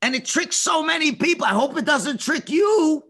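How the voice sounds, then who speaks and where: Animated high-voiced man teaching children. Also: moderate pace. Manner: animated, emphatic, asks the kids questions. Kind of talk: storytelling lesson for children.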